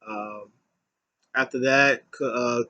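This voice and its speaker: A man's voice: mid-range voice, steady tone, bright, forceful tone, highs cut off, slight background noise. A young man casually recapping a wrestling show, rambling with lots of fillers. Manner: rambling, many fillers, paraphrases with quick voices.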